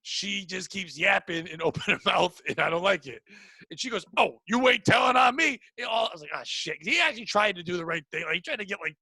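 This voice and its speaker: High, bright-voiced man telling comic stories. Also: lively intonation, quick pace, gravelly, dry recording. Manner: rambling, profane, loud outbursts. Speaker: podcast host. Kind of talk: casual comedic storytelling.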